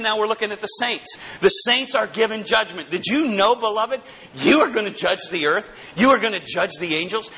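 A man preaching a sermon in an animated, dramatic way, rising to high shouts for emphasis. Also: muffled recording, a little hiss or hum.

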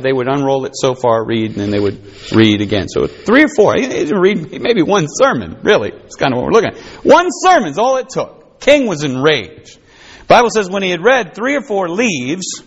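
A male preacher giving a sermon, reading scripture aloud and commenting with folksy asides and chuckles. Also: breathy edge. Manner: swings between high excited bursts and low grave stretches. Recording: dull lo-fi sound.

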